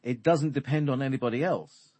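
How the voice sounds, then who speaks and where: A man explaining spiritual ideas in conversation, halting and full of fillers. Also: medium pitch, darkish tone, dry recording. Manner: hesitant, halting, many fillers. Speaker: spiritual teacher.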